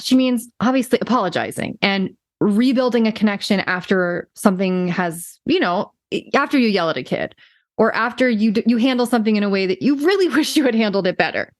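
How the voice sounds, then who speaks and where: Animated woman podcast co-host, dry sound. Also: mid-range voice, normal speed, no echo. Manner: animated, quotes others in little voices. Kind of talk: casual book club discussion.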